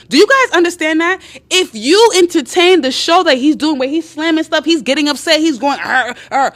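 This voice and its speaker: Animated woman giving blunt dating advice. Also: high voice. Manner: emphatic and animated, repeats herself, swears freely. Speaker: live-stream host. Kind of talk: casual dating advice to viewers.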